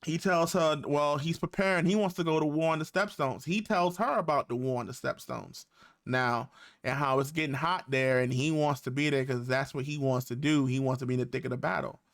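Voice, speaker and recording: A man's voice: a little high, brisk, vocal fry. A man casually recapping a TV episode, loose and slangy, with lots of fillers and acted-out quotes. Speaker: YouTube reviewer.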